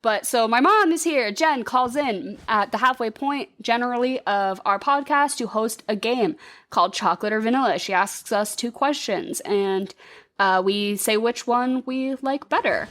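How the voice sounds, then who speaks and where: A giggly woman chatting on a podcast, her voice sitting a little high. She talks loosely and laughs often, and now and then slips into a silly accent. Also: a bit bright. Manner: giggly, quick to laugh, tries goofy accents. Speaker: podcast co-host. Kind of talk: casual podcast chat.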